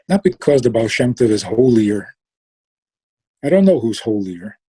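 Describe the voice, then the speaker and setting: A man telling a story in a relaxed way, slow and reflective, trailing off and restarting and sometimes acting out the people in it. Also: lowish voice, breathy edge. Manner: acts out quoted voices with sudden outbursts.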